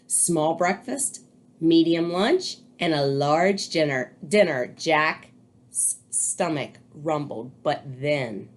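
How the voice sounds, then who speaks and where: A woman teacher reads a picture book aloud to children at an unhurried pace. Her voice rises and falls widely as she tells the story. She drops in chatty asides between pages. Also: sits low, expressive. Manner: chatty asides while reading.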